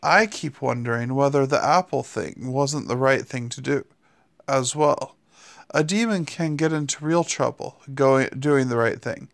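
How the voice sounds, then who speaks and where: A man's voice: medium pitch, measured pace, vocal fry. A man voicing a laid-back male demon who talks in a wry, sarcastic way. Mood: musing.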